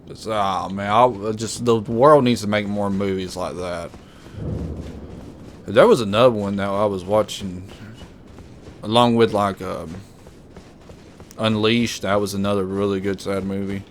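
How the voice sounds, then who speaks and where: Low-voiced man rambling over gameplay. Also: fairly even intonation, unhurried, long pauses, slight background noise. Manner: rambling, emotional, repeats himself. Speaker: gameplay commentator. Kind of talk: casual live gameplay commentary.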